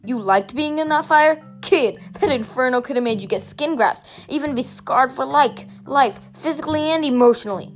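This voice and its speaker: A woman reading a young male firefighter with an easygoing, teasing manner in a storybook reading. The voice sits a little high and stays close to her natural tone, with faint music underneath. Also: moderate pace, few pauses, lightly acted. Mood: concerned.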